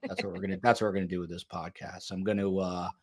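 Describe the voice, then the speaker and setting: A true crime podcast host talks quickly in a low, flat, darkish voice with a breathy edge. He's chatty and self-deprecating, reading viewer comments along the way.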